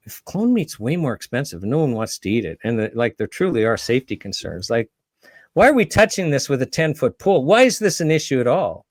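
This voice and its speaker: A man's voice: mid-range voice, no echo. A man giving impassioned, indignant and sarcastic commentary as an advocacy speaker. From Canada.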